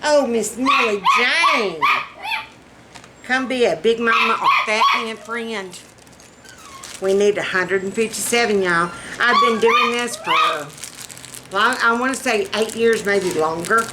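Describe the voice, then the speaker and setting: Slow-talking Southern woman vlogger. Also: on the high side, very noisy. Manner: chatty, folksy, exclaiming. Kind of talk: casual chat to camera.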